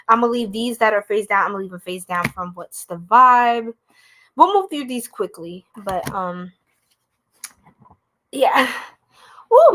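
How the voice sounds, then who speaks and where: A woman's voice: mid-range voice, bright, forceful tone, slight background noise. A young woman, doing a live tarot reading in a playful, goofy, slangy way and laughing often. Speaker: tarot reader.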